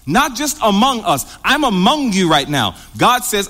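A man's voice: high voice, very animated, bright, forceful tone. A male preacher delivering a sermon, stretching out phrases and drawing answers from the congregation. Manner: call-and-response, asking the congregation to answer; drawn-out emphatic delivery with big swings. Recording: reverberant hall.

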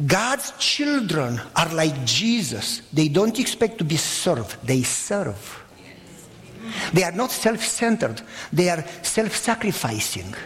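A man's voice: high voice, a bit bright, in a large hall. A middle-aged male pastor preaching a sermon with emphatic delivery and frequent rhetorical questions to the congregation.

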